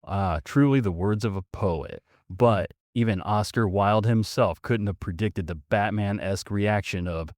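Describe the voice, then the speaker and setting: A man's voice: lowish voice, measured pace, few pauses, darkish tone, dry recording, studio quality. A man hosting a podcast, reading a story aloud with sardonic, mocking asides. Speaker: podcast host.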